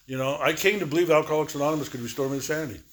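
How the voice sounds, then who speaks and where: A man's voice: on the high side, racing. Rambling man in his sixties telling his story. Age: 60s. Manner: rambling, repetitive storytelling with many fillers. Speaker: recovery speaker. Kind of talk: personal recovery testimony.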